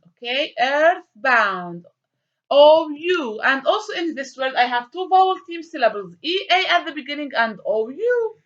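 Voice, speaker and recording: Slow, high-voiced woman teacher. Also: a bit bright. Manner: slow, repeats each word and spells out letters. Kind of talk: online phonics lesson. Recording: dull lo-fi recording.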